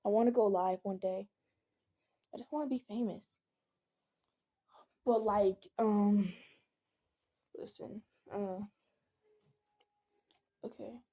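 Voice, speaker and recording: A teenage girl talks through a casual venting video in an earnest, rambling way. Her voice is mellow and warm, never bright. She often slips into soft pleading. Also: mid-range voice, fairly even intonation, slow pace, pauses often. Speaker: vlogger.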